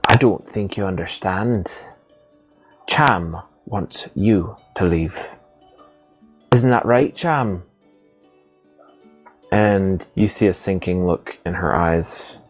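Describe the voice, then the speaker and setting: A man narrating as game master of a tabletop game, describing scenes slowly with frequent fillers. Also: low-pitched, husky, soft background music, rough recording. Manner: slow, descriptive, many fillers.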